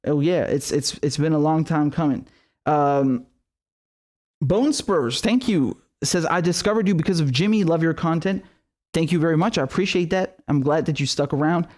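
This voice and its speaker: Furious, profane man with a high voice. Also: moderate pace, darkish tone. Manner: profane, angry, repeats himself. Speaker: political commentary host. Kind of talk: livestream reading super chats, ranting.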